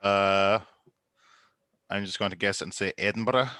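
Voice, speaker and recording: A man's voice: on the low side, fairly even intonation, measured pace, bright, forceful tone, clean tone. A man competing as a contestant in an online quiz show, joking around and hesitating before his answers, on a video call. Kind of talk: casual banter while playing a quiz.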